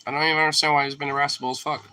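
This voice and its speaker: A young man rambling casually to his dog at home, profane and teasing, jumping into a high squeaky voice to call the pet. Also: level tone, very fast, sharp tone, smooth. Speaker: vlogger talking to his dog. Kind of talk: casual chat.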